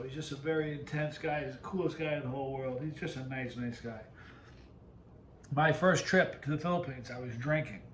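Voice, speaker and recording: A man at an everyday middle pitch tells a rambling story to his camera, often breaking off and restarting. The room around him is echoey, with a faint hum of background ambience. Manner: rambling, self-interrupting storyteller. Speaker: video host.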